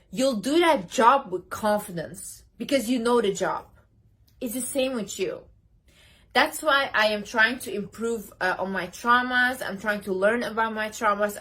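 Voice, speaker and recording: Young female motivational talker, breathy higher voice, punchy and insistent. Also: a bit bright. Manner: emphatic, repeats for stress, acts out others' lines. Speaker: motivational speaker. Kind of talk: casual motivational talk to camera.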